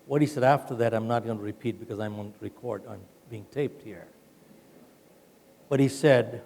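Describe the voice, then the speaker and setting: A man's voice: fairly low pitch, moderate pace, creaky, darkish tone. An older man giving a motivational keynote speech, telling a story with acted quotes. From India. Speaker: keynote speaker. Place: large conference hall. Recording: long hall reverb.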